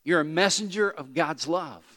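A man's voice: fairly high pitch, normal speed, a bit bright. A man preaching a sermon as pastor, telling a personal story in an earnest way that rises to emphatic peaks. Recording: long reverb of a large hall.

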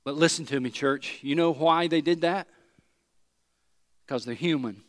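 Male pastor, a bit high-pitched, conversational sermon delivery, big hall reverb. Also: unhurried. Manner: conversational preaching, voicing imagined prayers.

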